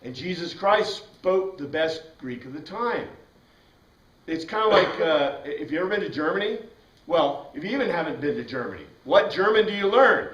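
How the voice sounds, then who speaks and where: Male Bible teacher lecturing a class, lively and questioning, recorded from a distance in an echoey room. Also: on the high side, moderate pace, dull audio. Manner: animated, asks the class questions, frequent "right?".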